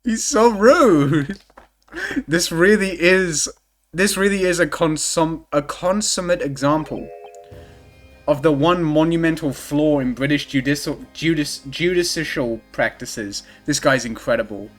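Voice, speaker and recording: Male streamer, higher-pitched, gushing and giggly; faint game music under the voice. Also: measured pace. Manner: excitable, gushing, laughs often. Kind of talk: casual gameplay commentary.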